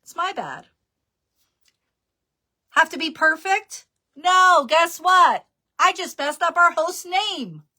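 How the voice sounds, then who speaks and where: A woman with a New Jersey accent talks casually on a live stream, chatty and quick to laugh at herself. Her voice sits high and sounds bright. She comes across as a friendly seller sharing tips. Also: big pitch swings. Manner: chatty, laughing, self-deprecating. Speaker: jewelry business guest speaker.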